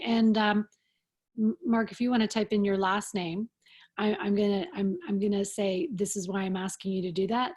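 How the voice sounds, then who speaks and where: A woman's voice: mid-range voice, husky. A woman facilitating a group check-in over a video call, calling on each participant in turn. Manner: warm prompting, calls on each person. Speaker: workshop facilitator.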